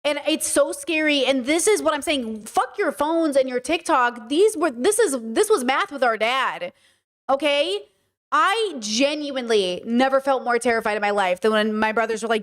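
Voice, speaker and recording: A woman hosting a casual livestream, talking to her chat in a blunt, animated way and swearing freely. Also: high voice, moderate pace. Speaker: streamer host.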